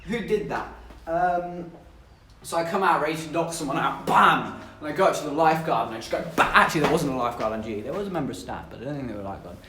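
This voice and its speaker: A man's voice: a little high, very fast, a bit bright, distant mic, slight background noise. A young man from southern England chatting casually to his livestream chat, telling stories with giggles along the way. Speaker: streamer. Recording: echoey room, voice a bit off-mic.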